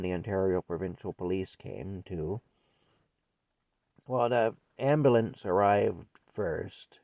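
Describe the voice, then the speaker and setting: An older man with a lowish voice tells a story from his childhood, and the recording has no room sound. It's a casual spoken memoir, delivered in a rambling, folksy way with plenty of repetition.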